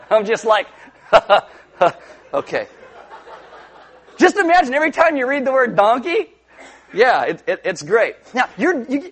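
Animated high-voiced man preaching. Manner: animated storytelling, acting out characters with funny voices. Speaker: pastor. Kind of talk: sermon.

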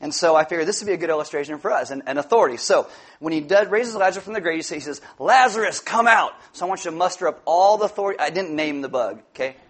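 Guy preaching in church, playful and jokey, kinda higher voice, pulls people up front. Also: very fast. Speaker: pastor. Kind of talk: sermon with audience interaction. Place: church sanctuary.

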